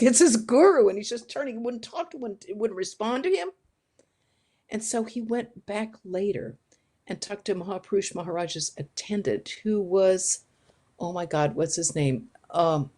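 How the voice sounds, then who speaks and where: A woman's voice: fairly low pitch, a little mellow. A woman giving a spiritual talk, telling stories animatedly and acting out the quoted dialogue with frequent restarts. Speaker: spiritual teacher.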